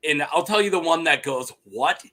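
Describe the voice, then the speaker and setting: Young male host, casual chat, bright forceful voice, chuckles through rambling stories. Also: fairly high pitch, fairly quick. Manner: laughs often, rambling, mimics voices. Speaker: podcast host.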